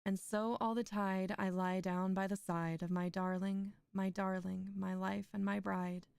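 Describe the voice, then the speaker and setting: A woman's voice: mid-range voice, little pitch movement, measured pace, gravelly, a little mellow, clean tone, no echo. A young woman streaming a poetry reading, reciting poems aloud and breaking off into chatty asides with frequent laughs.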